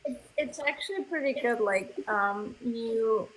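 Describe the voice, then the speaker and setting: A woman's voice: fairly high pitch, unhurried, over a noisy crowd, rough recording. A woman chatting bluntly on a live stream, swearing casually. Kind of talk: casual chat.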